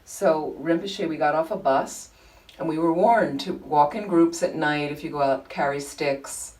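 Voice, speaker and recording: A woman leading a Buddhist study group, telling anecdotes in an informal, animated way. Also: deep voice, measured pace, distant mic, low-quality recording. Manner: chatty, animated storytelling with frequent laughter. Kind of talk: informal teaching talk with anecdotes. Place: group meeting room.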